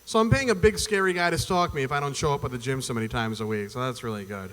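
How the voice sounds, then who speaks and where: A man's voice: medium pitch, fast talker, a bit bright. A man doing an open mic stand-up set, rambling and profane, acting out little voices as he goes. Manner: loose, profane, rambling delivery with acted-out voices. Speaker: stand-up comedian. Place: performance venue stage before a live audience. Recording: long hall reverb from a venue.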